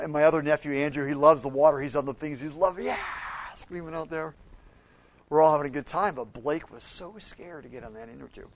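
A man preaching a sermon, telling stories with acted-out quotes and swinging between loud outbursts and soft, quiet passages. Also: fairly high pitch, no echo.

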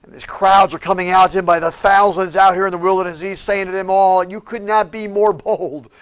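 A man preaching a sermon as a pastor in a church, shifting between loud, emphatic declarations and quiet, hushed passages. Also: sits high, steady tone, a little fast, clear, resonant tone, no echo. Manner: preaches with big swings from shouting to hushed tones.

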